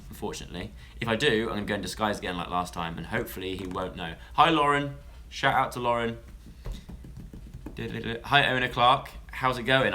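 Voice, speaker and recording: A man's voice: on the low side, bright, forceful tone, a little hiss or hum. A young man from England chatting casually on a live stream, rambling and interrupting himself as he talks to viewers.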